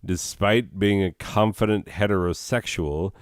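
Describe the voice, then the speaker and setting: Guy doing sarcastic comedy riffs, slow and low, dry close mic. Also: smooth, dry recording. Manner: sarcastic, rambling asides. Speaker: comedy video host. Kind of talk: riffing commentary on absurd readings.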